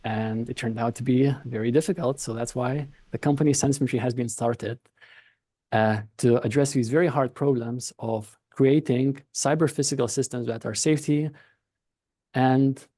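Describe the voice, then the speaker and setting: A man with a Lithuanian accent speaks as a podcast guest, explaining in a calm, considered way and sometimes circling back to rephrase. His voice is warm and mellow. The sound is close and dry, with no room around it. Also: medium pitch, moderate pace, dry recording. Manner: thoughtful, explanatory, with frequent restarts. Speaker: podcast guest, company founder. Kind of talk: conversational interview explanation.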